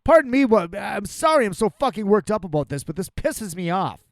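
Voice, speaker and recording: A man hosting a podcast, ranting with profane exasperation. His voice sits high for a man and swings widely in pitch. The sound is dry and close to the mic. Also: big pitch swings, fairly quick, no room sound. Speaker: podcast host.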